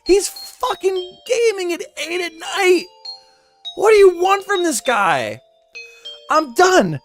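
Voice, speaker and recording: A woman voicing a self-pitying grown man streamer, wailing and mock-crying in a drawn-out whine. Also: very high-pitched, big pitch swings, faint music behind, voice pushed up, heavily acted. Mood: whiny wailing. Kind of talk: mocking impression in a commentary video.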